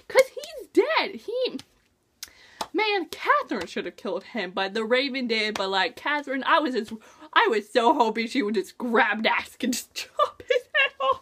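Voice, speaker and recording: A young woman vlogging a casual book review, gushing and excitable, full of "like" and "oh my gosh". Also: sits high, normal speed.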